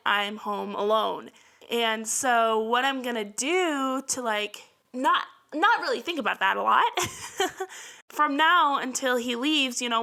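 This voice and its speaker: A young woman in her twenties talks through her feelings on her own podcast in a candid, chatty flow full of fillers. Her voice sits a little high and sounds notably bright. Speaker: podcast host. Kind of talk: casual personal podcast monologue.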